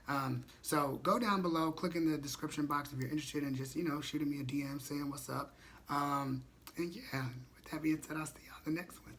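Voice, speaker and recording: Addressing his viewers as y'all, a man vlogs motivational life advice to camera in a chatty, candid way, swearing casually. His voice is a little high and a bit bright, he talks a little fast, and there's a little hiss or hum.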